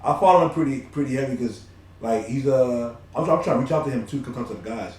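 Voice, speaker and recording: On a podcast with a roomy, echoing sound, a Nigerian co-host offers earnest motivational talk, repeating himself and frequently starting over. He talks fast in a medium-pitched, slightly mellow voice.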